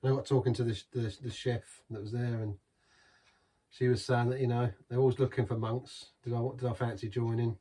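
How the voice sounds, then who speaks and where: A man's voice: medium pitch, a little mellow, far from the mic. An English man hosting a casual beer review, rambling and waffling with chuckling asides. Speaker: beer reviewer, channel host.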